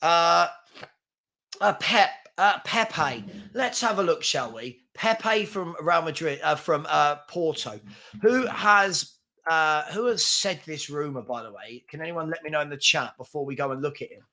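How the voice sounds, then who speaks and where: A man's voice: fairly high pitch, expressive, a little slow, bright, forceful tone. Chatty man hosting a football stream. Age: 40s. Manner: chatty, rambling, self-deprecating. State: tired from an early start. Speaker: football channel host. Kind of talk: live stream chat reading comments.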